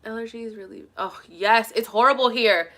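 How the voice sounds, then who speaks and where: Young woman, casual rant, heavy swearing, rambling, fairly high voice, bright and forceful tone. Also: moderate pace. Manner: swears a lot, rambling and emphatic. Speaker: vlogger. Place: at her mother's home.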